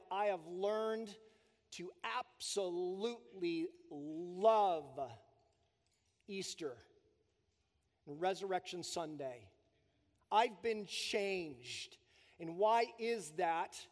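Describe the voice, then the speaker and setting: Male pastor, high voice, extreme and emphatic sermon delivery, reverberant sanctuary sound. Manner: emphatic, preaching with strong build-ups and drops. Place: church sanctuary. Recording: long reverb of a church hall.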